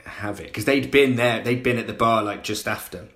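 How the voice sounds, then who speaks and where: A man tells a story in casual podcast chat. He talks in an animated way and acts out the people in it. His voice sits at a middle pitch. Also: fairly quick. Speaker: podcast guest. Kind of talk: casual anecdote telling.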